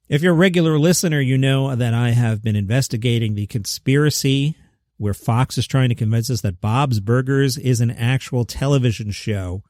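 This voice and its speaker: A man hosting a comedy news podcast, delivering headlines with sarcastic, deadpan asides. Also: mid-range voice, normal speed, no room sound, studio quality. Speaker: podcast host.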